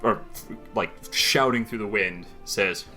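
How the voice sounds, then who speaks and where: A man's voice: fairly low pitch, takes it slowly, sharp tone, soft background music. A man narrating as game master, rambling and searching for words while describing.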